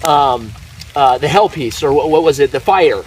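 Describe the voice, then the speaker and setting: A man with a fairly high voice adds short agreements and asks questions in an easy, casual chat. He sits some way off the mic, with faint noise in the background. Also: expressive, moderate pace, recorded from a distance, rough recording. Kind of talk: casual conversation.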